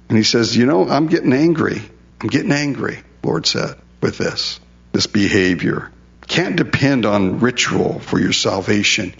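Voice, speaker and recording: A man teaching a Bible passage in a relaxed, conversational way, asking rhetorical questions and paraphrasing God in everyday speech. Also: medium pitch. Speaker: pastor. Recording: dull lo-fi sound.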